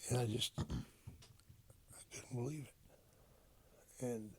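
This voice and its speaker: An older man, a retired wrestler, telling stories in a casual interview, profane and animated as he acts out old conversations. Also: medium pitch, slow pace, slight background noise. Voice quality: gravelly, husky. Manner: profane, animated storyteller acting out quoted dialogue.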